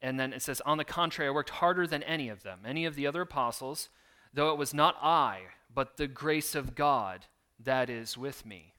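Bright-voiced man preaching earnestly. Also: mid-range voice, normal speed, clear, resonant tone. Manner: earnest, conversational preaching with fillers and scripture readings. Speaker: pastor. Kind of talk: sermon.

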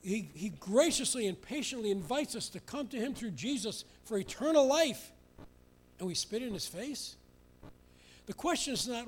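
A male pastor preaching an expository sermon, emphatic, with mocking asides and sudden loud outbursts. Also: sits high, lively intonation, normal speed, slight background noise.

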